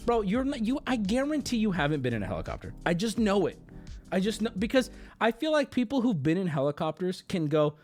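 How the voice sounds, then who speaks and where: Animated, profane young man streaming. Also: high-pitched, fast, soft background music. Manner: rambling, profane, animated storytelling. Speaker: streamer host. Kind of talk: casual livestream chat.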